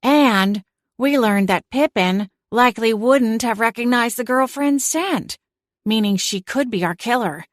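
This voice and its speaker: A woman voicing a fussy, scolding aunt witch in a storybook reading, brisk and chiding. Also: a little high, no echo, clean studio sound, pitched above the performer's own voice, close to an everyday voice. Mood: insistent.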